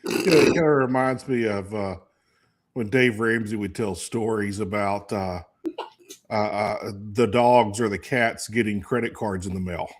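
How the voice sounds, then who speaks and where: A man's voice: lowish voice, fairly even intonation, unhurried. Rambling middle-aged man telling stories. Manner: rambling storyteller with many restarts and fillers. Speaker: co-host. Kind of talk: casual chat.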